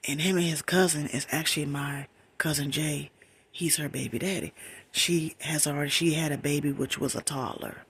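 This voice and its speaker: Breathy whispering middle-aged woman storyteller. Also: sits low, fairly even intonation, moderate pace, fairly bright tone. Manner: emphatic, conversational, repeats for stress.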